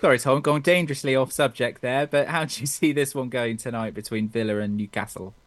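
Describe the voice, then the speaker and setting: A man's voice: medium pitch, a little fast, no echo. A man hosting a casual football podcast, joking with the panel, laughing often and steering the talk between guests. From England. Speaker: podcast host.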